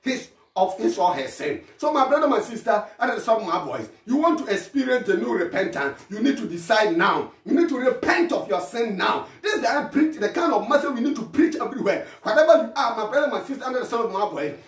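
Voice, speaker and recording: A man preaching an impassioned sermon, repeating his phrases and shouting calls to repent. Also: very high voice, big pitch swings, brisk, hardly any pauses. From Ghana. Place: church hall. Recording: echoey hall from far off.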